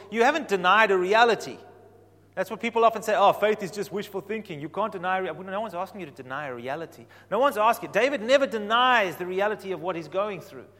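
A man preaching a sermon, animated, swinging from quiet explanation to loud emphatic points. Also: sits high. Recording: reverberant hall.

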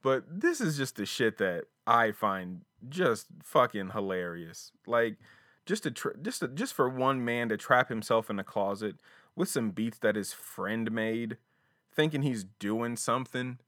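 Solo male podcast host, mid-pitched and casual, cursing freely and drifting between topics; very dry, close sound from a closet studio. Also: lively intonation, a little slow, fairly bright tone, no room sound. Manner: profane, rambling, slangy. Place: small closet home studio.

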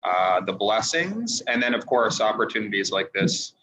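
A man speaking as a podcast guest, reflective and halting, with frequent fillers and restarts. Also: fairly low pitch, sing-song, bright, forceful tone, slight background noise, poor audio. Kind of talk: podcast interview.

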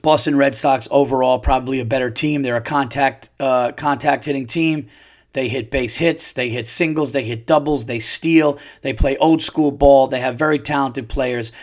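A man hosting a podcast, ranting loudly and profanely about sports. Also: mid-range voice, steady tone, moderate pace. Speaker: podcast host. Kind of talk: solo podcast rant.

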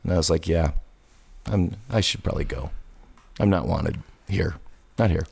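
Gravelly low-voiced Midwestern man telling stories. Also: normal speed. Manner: animated anecdotes, acts out quoted shouts. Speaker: podcast host. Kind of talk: casual chat, storytelling.

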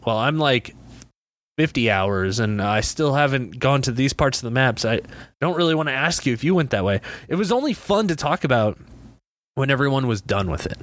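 A man's voice: medium pitch, animated, normal speed, a bit bright, dry recording. A man co-hosting a casual video game podcast, rambling, laughing often and acting out what other people say. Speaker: podcast co-host.

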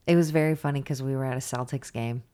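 A woman with an unusually low voice co-hosts a casual podcast. She tells stories in a chatty, meandering way, pausing often on "um" and "uh". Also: steady tone, warm tone, smooth. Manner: storytelling, chatty, hesitant fillers. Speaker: podcast co-host. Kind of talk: casual chat.

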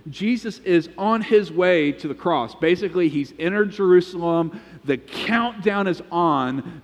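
Animated man preaching in a reverberant hall. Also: a little high. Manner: animated storytelling, acts out quotes. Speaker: pastor. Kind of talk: sermon. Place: church sanctuary.

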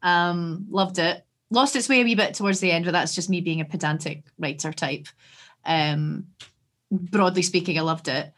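Sweary Scottish podcast co-host woman. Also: lowish voice. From Scotland. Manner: animated, sweary, quick asides. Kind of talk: casual podcast chat.

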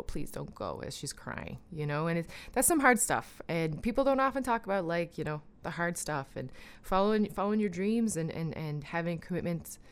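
A woman in her thirties hosts a podcast, her voice low and smooth. She rambles warmly through thanks, with frequent ums and restarts. Her tone is emotional and sincere. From Canada. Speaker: podcast host and breathwork guide. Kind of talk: casual heartfelt thank-yous, then guided breathing.

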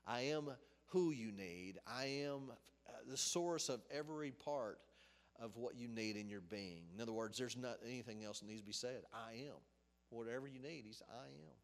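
A man's voice: mid-range voice, normal speed. A middle-aged man giving an informal sermon in a conversational, rambling way, with asides and restarts. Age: middle-aged or older. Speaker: preacher. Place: office. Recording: long hall reverb.

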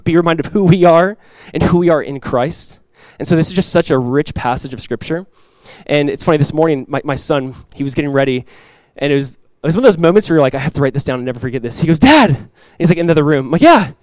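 A man in his thirties, a pastor preaching a sermon in an earnest, animated way. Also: on the high side, dry recording, low-quality recording.

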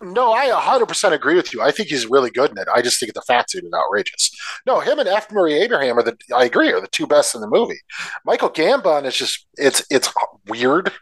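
A man co-hosting a movie podcast, sarcastic and loose-mouthed, with swearing sprinkled through his chat. His voice swings lively up and down, and it sounds dry and close with no room around it. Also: a little high, quick pace, breathy edge, no echo. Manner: sarcastic, swears freely, lively mock impressions. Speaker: podcast co-host. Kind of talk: casual movie review chat.

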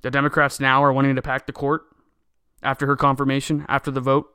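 A man's voice: medium pitch, completely flat delivery, fast, bright, forceful tone, clean tone, dry recording, studio quality. A young man delivering a solo opinion rant, agitated and indignant, often repeating words and restarting sentences. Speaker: political commentator.

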